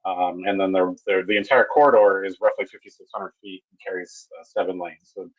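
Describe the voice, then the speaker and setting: A man presenting a technical webinar on a bridge repair, talking in a halting way with many restarts and fillers. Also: deep voice, steady tone, narrow, tinny audio.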